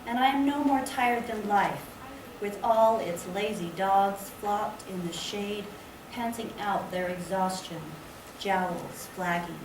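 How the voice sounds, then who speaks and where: A woman reading her poetry aloud at a public library event in a measured, lyrical way. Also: mid-range voice. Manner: slow, measured, lyrical delivery. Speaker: poet reading her work. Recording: echoey room, distant mic, background noise.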